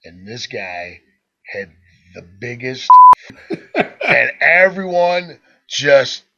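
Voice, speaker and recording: A man's voice: medium pitch, sing-song, extremely slow, creaky, bright, forceful tone, muffled recording. A man casually telling a crude party story on a podcast, swearing and laughing as he goes. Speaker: podcast co-host.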